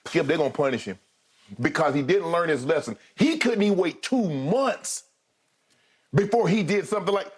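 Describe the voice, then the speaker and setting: This sports debate co-host speaks at normal speed in an animated voice that sits on the high side and sounds slightly rough. He hammers his points repetitively and emphatically, often using his partner's name, in lively sports debate talk.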